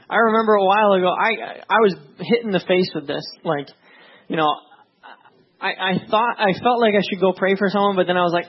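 Husky high-voiced man preaching. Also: dull audio. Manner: earnest, conversational preaching with many "you know"s. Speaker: pastor. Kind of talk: sermon.

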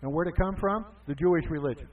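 A man's voice: on the high side, fast. A man preaching a conversational sermon as pastor, asking and answering his own questions. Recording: tinny phone-like sound from far off.

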